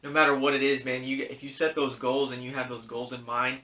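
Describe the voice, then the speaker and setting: A man's voice: mid-range voice, level tone, a little fast, pushed and bright, roomy sound, recorded from a distance. A man in his thirties telling a personal story on his sneaker vlog in a casual, rambling, earnest way, full of fillers and restarts, encouraging his viewers. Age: 30s. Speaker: sneaker YouTuber.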